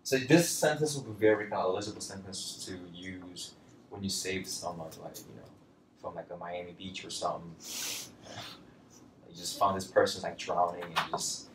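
A man teaching a casual language lesson, talking in a loose, chatty way with lots of fillers and lively bursts when he quotes phrases. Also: deep voice, normal speed, far from the mic. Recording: roomy, from off-mic, faint background noise.

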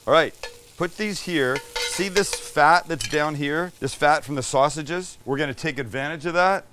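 Guy hosting a cooking show in his kitchen, chatty and hyped, swears a bit, normal mid pitch. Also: a bit bright, slight background noise. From Canada. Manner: chatty and enthusiastic, swears casually. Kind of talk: casual cooking demonstration. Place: home kitchen, cooking at the stove.

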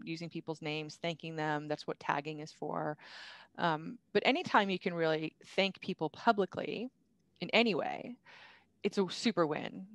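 Woman founder, casual and upbeat, laughs a lot, lower voice, dry recording. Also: dry recording. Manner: upbeat, chatty, laughs often. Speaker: guest speaker, company founder. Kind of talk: casual webinar presentation.

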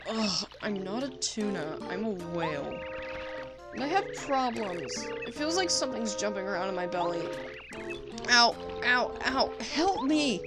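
Woman voicing a whiny, pleading giant whale from a video game, lively voice. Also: mid-range voice, measured pace, loud music behind the voice. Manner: whining, pleading.

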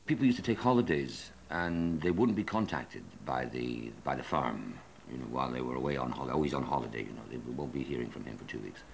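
Man, interviewee, very deep gravelly voice, weary grumbler. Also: fast talker, few pauses, slight background noise. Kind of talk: casual complaint.

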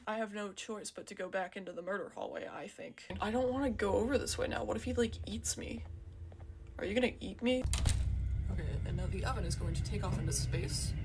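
A woman playing horror video games with joking commentary, often yelping and exclaiming when startled. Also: medium pitch. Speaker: gaming YouTuber. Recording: game music behind the voice.

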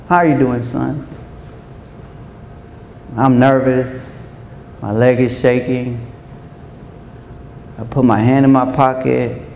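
A man giving a storytelling speech to an audience of educators in a large hall, speaking in an animated way and acting out quoted voices. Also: mid-range voice, gravelly. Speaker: keynote speaker. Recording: echoey hall, faint room noise.

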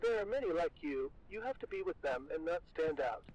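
An actor voicing a stern talking elephant in a video game who lectures a weak kid in a harsh, preachy way, heard as dull lo-fi game audio. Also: male voice, on the high side, animated, a little fast, darkish tone.

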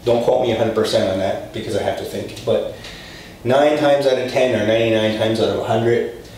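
A man's voice: on the low side, a little fast. Casual man teaching in an echoey room. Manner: chatty and relaxed, with many fillers, restarts and acted example dialogues. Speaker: Spanish teacher. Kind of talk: casual language lesson. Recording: very echoey room, mic set far off, faint noise.

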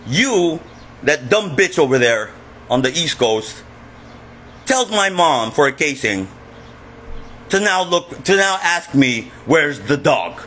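Guy ranting at his camera, swearing a lot, keeps yelling, sharp bright tone. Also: a little high, very animated, takes it slowly, pauses often, a little hiss or hum. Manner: agitated, profane, often breaks into shouting. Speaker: vlogger. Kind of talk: angry self-filmed rant.

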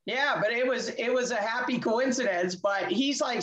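A woman's voice: a little high, normal speed, hardly any pauses, poor audio. A woman, an interview guest, telling a candid personal story, laughing often and acting out dialogue. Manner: animated, laughs often, acts out quoted dialogue.

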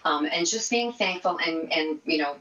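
A woman's voice: sits low, lively intonation, moderate pace, fairly bright tone, roomy sound, distant mic, dull audio. A woman cheerfully demonstrating a no-cook recipe on a morning TV show, chatting casually with jokes about herself. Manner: chatty, upbeat, self-deprecating humor. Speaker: cooking segment guest. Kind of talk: casual cooking demo chat.

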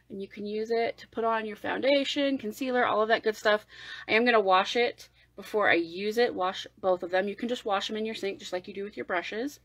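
A woman talks through a makeup unboxing at her desk in a casual livestream. She gushes with excitement, and her pitch jumps all over the place. Now and then she drops to a hushed whisper. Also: a little hiss or hum, poor audio. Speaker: beauty vlogger.

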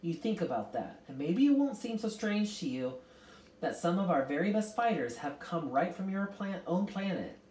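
Woman reading doing soft motherly old star lady, warm n gentle, low voice, echoey room. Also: very animated, normal speed. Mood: encouraging. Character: kindly old female celestial being, warm comforter. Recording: roomy, distant mic.

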